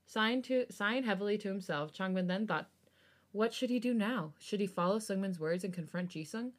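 A woman's voice: medium pitch, fairly quick. A woman podcast host reading fan fiction aloud and breaking off for blunt, joking asides.

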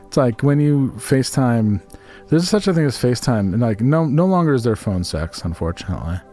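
A man's voice: medium pitch, sing-song, fairly quick, warm tone, faint music behind. A man co-hosting a crude comedy podcast, bantering and stumbling over his words as he reads aloud. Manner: stumbling, restarts mid-sentence when reading aloud. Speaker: podcast co-host.

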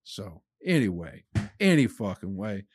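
A man's voice: on the low side, big pitch swings, unhurried, a little mellow, slight background noise. A man hosting his own comedy podcast, delivering a rambling, profane monologue that he aims at listeners he calls people. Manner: acts out his own inner voice in quotes.

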